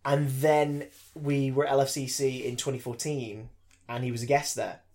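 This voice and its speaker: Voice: mid-range voice, normal speed. A podcast host, telling anecdotes in casual chat, acting out the voices of people in the story and using lots of fillers. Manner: lively storyteller, acts out quoted voices, many fillers.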